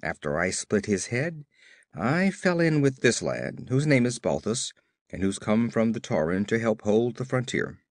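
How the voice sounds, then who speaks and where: A man doing Conan, a gruff growling barbarian. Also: fairly low pitch, very animated, unhurried, no room sound, studio quality. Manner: growling, curt. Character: gruff brawny barbarian warrior, terse and blunt. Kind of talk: audiobook character reading.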